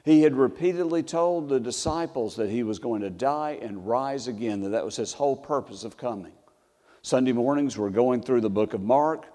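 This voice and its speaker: Pastor guy preaching on sunday, mellow warm voice, big echoey church, gets loud then goes quiet. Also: moderate pace. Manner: earnest preaching, rising for scripture, dropping low and soft. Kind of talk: sermon. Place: church sanctuary. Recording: long church reverb.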